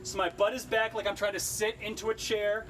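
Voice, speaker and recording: A man's voice: high-pitched, little pitch movement, a little fast, music in the background. A man leading a live-streamed workout class, upbeat and cheery, cracking puns between exercise cues. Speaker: fitness instructor. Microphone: camera mic he adjusts.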